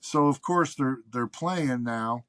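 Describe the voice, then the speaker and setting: Man, podcast guest, casual storytelling, profane, mid-pitched voice, animated retelling. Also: slow pace. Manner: profane, animated anecdote teller doing quoted voices.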